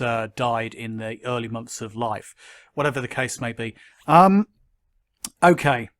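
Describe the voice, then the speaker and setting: A man talking through a critical commentary at a measured pace. He hesitates often with ums and uhs, but his argument stays firm. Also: medium pitch, fairly bright tone. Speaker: skeptic commentator.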